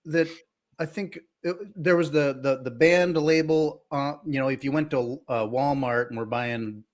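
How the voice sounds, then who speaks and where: A man's voice: mid-range voice, steady tone, a little slow. A man co-hosting a podcast in casual chat, talking in a rambling, hesitant way with many fillers. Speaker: podcast co-host.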